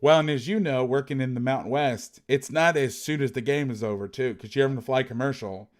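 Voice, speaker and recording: A man hosting a football podcast, chatting casually and telling an animated, profane story. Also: medium pitch, brisk. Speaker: podcast host and football coach. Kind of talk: casual chat.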